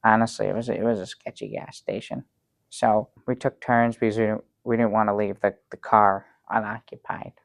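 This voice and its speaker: Man doing a clueless sidekick with a gravelly voice, halting and rambling, dry close sound. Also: lowish voice, flat delivery, dry recording. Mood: earnest. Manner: rambling, halting with many ums, sincere. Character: naive dim-witted male sidekick Bert. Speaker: show regular. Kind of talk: improv sketch comedy.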